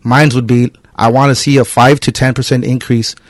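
Male podcast host, relaxed and rambling, mid-pitched, recorded dry. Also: moderate pace, dry recording. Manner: rambling, full of "like" fillers. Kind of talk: casual conversational interview.

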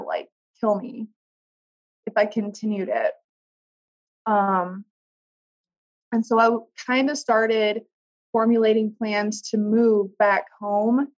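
A woman as an interview guest, telling a personal story in a candid, emotional way, often halting and searching for words. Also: fairly high pitch. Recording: dull lo-fi audio.

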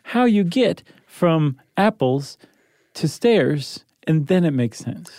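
A man's voice: on the high side, animated, takes it slowly, darkish tone, no echo, clean studio sound. Jokey American man, podcast co-host. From United States. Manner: jokey, playful explaining. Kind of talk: casual chat.

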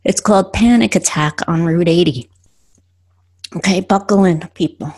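A woman podcast host reading her own poems aloud in a slow, earnest way with pauses. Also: lowish voice, a little mellow.

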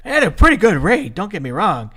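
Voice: mid-range voice, very animated, brisk, fairly bright tone, breathy edge. A podcast co-host in their thirties, from Minnesota, recapping a wrestling match in casual chat, swearing freely and talking with lots of likes and restarts.

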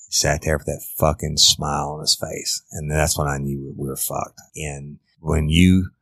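A middle-aged former detective, telling a case story in a blunt, profane, casual way. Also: male voice, extremely low pitch, level tone, normal speed, gravelly, fairly bright tone, no echo, clean studio sound. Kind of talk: casual true-crime storytelling.

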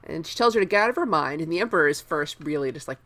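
A woman's voice: low voice, lively intonation, racing, a bit bright. A woman chatting casually about a book, retelling scenes with playful put-on quotes and frequent laughter. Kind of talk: casual book discussion chat.

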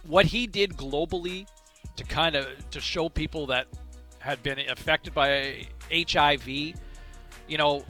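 Animated, bright-voiced sports radio man. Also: on the high side. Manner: animated, repeats words when starting thoughts. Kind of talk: casual sports banter.

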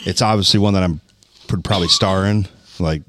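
Man, lower voice, laid-back casual chat, slight hiss. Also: fairly even intonation, a little fast, a bit bright.

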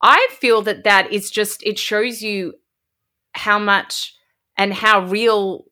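A woman's voice: mid-range voice, fairly even intonation, slow, pushed and bright. A woman with an Australian accent, a podcast host being interviewed over a video call, speaking in an enthusiastic, heartfelt way. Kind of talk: casual interview chat.

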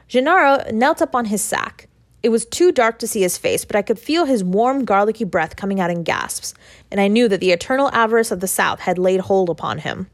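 A woman's voice: mid-range voice, lively intonation, brisk, no room sound. Woman reading a classic tale, dry sound. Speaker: audiobook reader. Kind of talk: audiobook narration of a classic story.

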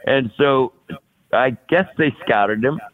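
A man's voice: medium pitch, slow. A man in his sixties, a guest actor, telling stories in a rambling, casual way with many restarts and chuckles. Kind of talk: casual storytelling. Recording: lo-fi, phone-like sound.

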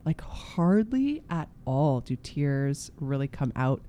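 A woman's voice: rumbling low, sing-song, slow pace, dark tone. A woman in her forties chatting casually as co-host, earnest and laughing often. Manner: earnest, laughs often, says beautiful a lot. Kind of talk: casual chat.

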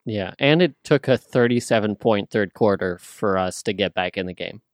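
A man with a lowish voice talking through game stats in a relaxed, analytical way. The sound is close and dry. He stays level and easygoing. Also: normal speed, no room sound. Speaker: podcast co-host. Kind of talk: casual sports chat.

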